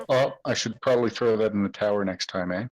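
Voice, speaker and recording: A man's voice: fairly low pitch, fast, low-quality recording. A man playing a tabletop game, speaking casually and with some hesitation. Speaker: player.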